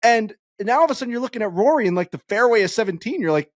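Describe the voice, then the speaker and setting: A man co-hosting a golf podcast, excitable and jokey, swearing as he talks. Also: high voice, rapid-fire, no echo, studio quality. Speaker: podcast co-host. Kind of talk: casual sports chat.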